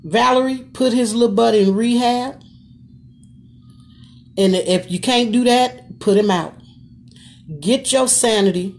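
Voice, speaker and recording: A woman's voice: fairly high pitch, slow pace, pauses often, a little mellow. A woman hosting a casual live stream from her phone, reading out viewer comments and answering them in a folksy, chatty way. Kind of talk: casual chat.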